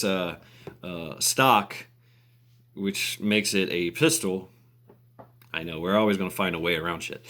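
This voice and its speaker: A man's voice: deep voice, bright, forceful tone. A man ranting casually on camera, rambling with fillers, restarts and laughter. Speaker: vlogger. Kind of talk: casual rant.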